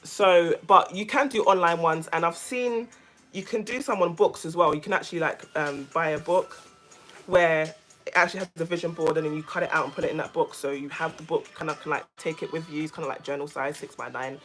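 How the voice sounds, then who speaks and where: A woman with a lowish voice chats straight to her viewers in a casual vlog, animated and emphatic. She leans on repetition to drive her points home. Faint music runs underneath. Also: brisk. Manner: animated, emphatic, repeats phrases for stress. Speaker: vlogger, self-care coach. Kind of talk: casual chat to camera.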